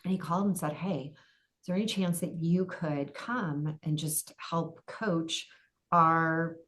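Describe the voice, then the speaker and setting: Middle-aged woman, lower voice, dramatic storyteller as podcast guest. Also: a little slow, fairly bright tone. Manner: vivid, dramatic storytelling with acted-out inner voices.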